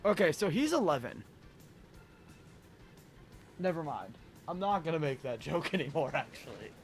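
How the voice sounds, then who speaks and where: Animated, rambling man streamer. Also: on the high side, moderate pace. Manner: rambling, animated, laughs often. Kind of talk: casual live-stream chat with viewers. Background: game music.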